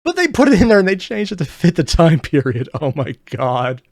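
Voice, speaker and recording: A young man hosting a reaction video, chatting casually and rambling with unsure asides in quick bursts. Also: a little high, sing-song, no room sound, studio quality.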